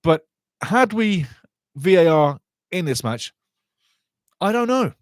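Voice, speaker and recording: A man giving passionate live football commentary, chatting to viewers and shouting when goals go in. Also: high voice, sing-song, takes it slowly, no echo. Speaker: football watch-along commentator. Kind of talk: excitable live match commentary.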